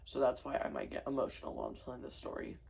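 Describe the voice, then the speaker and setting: A man's voice: medium pitch, wildly swooping pitch, very fast, vocal fry, a little mellow, husky, low-quality recording. A tired, sleep-deprived young man talking casually as a vlogger, subdued and rambling with fillers and restarts. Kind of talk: casual personal storytelling.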